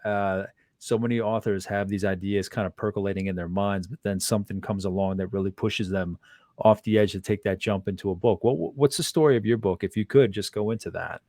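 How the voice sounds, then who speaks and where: A man's voice: fairly low pitch, a little mellow, no room sound, clean studio sound. A man hosting a podcast interview, asking long questions that stop and restart with fillers. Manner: halting, restarts often with fillers. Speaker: podcast host.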